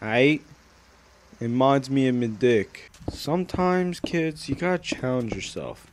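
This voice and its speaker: A young man giving crude, joking commentary while playing a game, swinging from muttered asides to sudden yells. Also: mid-range voice, animated, measured pace, background noise. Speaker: gaming video creator.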